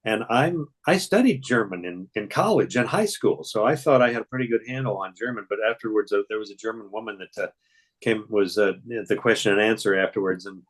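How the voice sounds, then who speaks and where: A man's voice: on the low side, a little fast, low-quality recording. An older man, a voice actor, telling stories in a rambling, hesitant way during a casual interview. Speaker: voice actor guest.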